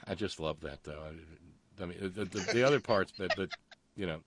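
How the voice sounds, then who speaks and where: A man's voice: sits low, moderate pace, slightly rough, no echo. A man hosting a casual talk show, telling stories with a sardonic edge. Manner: sardonic, animated storyteller. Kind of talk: casual radio banter.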